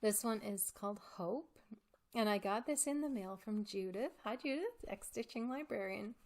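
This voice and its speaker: A woman hosting a crafting vlog in casual chat, talking in a heartfelt, halting way with many pauses and restarts. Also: medium pitch, a little mellow. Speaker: crafting channel host.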